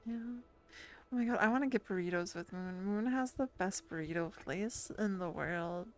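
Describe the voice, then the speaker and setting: Lying down at home, a woman streamer chats casually with her viewers, rambling along with frequent restarts and little laughs. Her voice is lowish and her speed normal.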